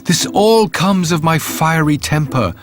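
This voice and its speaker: A man voicing a rich, quick-tempered male innkeeper in a storybook, loud and fretful. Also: a little high, animated, pitched above the performer's own voice. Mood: pleading.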